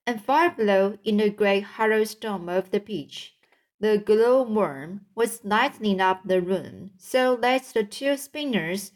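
A woman reading a children's storybook aloud, slow and careful, with occasional slips. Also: medium pitch. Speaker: reader.

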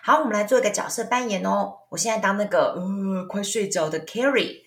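A woman's voice: mid-range voice, a little fast, reverberant. A woman teaching English phrases in a bilingual lesson, explaining them and reading parts aloud. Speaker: language teacher.

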